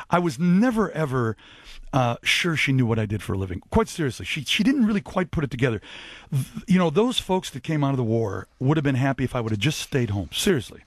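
A man's voice: medium pitch, fast talker, dry recording. Chatty male guest telling stories, dry sound. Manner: chatty, animated, with false starts and laughs. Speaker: radio show guest, musician. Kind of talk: anecdotal storytelling.

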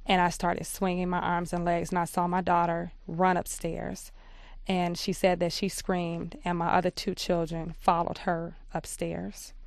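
A woman telling her own story as a guest in a radio interview, in a measured, steady way. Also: fairly low pitch, gravelly, no echo. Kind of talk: personal testimony in a radio interview.

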